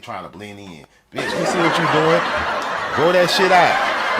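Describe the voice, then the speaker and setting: A man ranting in a profane, mocking way, often laughing as he talks. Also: medium pitch. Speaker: vlogger. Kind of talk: profane comedic rant. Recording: crowd chatter and noise behind.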